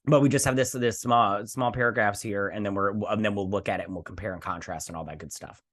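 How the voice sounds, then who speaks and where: A man's voice: fairly low pitch, steady tone, quick pace, fairly bright tone. A man hosting a casual reaction show, reading a news article aloud and rambling with his own asides. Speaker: host.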